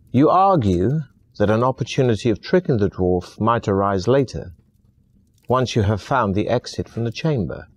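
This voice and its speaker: A man narrating a fantasy video game in scripted second person, in a calm, measured storytelling manner. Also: lowish voice, slightly rough.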